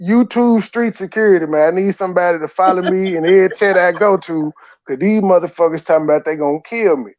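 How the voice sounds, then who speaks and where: Guy with a high voice going off on his stream, cussing a lot, kinda muffled audio. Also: fast. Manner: animated, profane, laughing rants. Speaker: host. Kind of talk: casual livestream chat.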